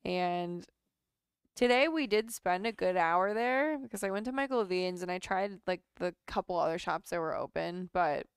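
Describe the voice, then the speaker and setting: Gravelly, smooth-voiced woman sewing vlogger. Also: fairly low pitch, lively intonation, normal speed, dry recording, studio quality. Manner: chatty, coos baby talk to her cat. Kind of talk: casual chat while sewing.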